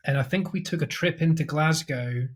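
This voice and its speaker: A man's voice: a little high, moderate pace. A man hosting a movie podcast, telling a rambling anecdote in casual chat. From England. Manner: rambling storyteller with restarts and laughs. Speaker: podcast host.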